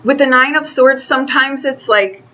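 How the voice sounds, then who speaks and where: Bright-voiced woman reading tarot. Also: high voice, lo-fi sound. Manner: chatty, halting, many restarts. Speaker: tarot reader.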